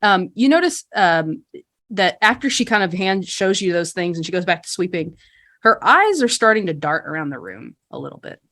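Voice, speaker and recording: A woman's voice: lowish voice, very animated, normal speed, a bit bright. A woman narrating a tabletop game as game master, rambling casually with lots of fillers.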